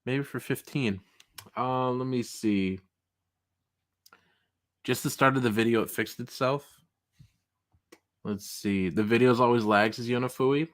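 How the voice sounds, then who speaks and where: Guy hosting a stream reading the chat out loud, goofy fake outrage. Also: unhurried, pauses often. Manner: jokey, mock-outraged, rising pitch when protesting. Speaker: livestream host. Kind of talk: casual livestream chat reading comments.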